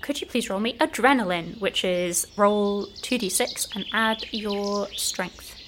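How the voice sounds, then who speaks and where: A woman running a tabletop role-playing game, describing the scene to players in a relaxed way, full of "like" fillers. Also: medium pitch, measured pace, noisy background. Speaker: game master.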